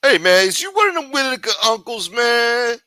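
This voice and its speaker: A man's voice: very high-pitched, sing-song, normal speed, bright, forceful tone, smooth, no room sound, voice pushed up, heavily acted. A man voicing a menacing male prison inmate who bullies a newcomer with profane, taunting street talk.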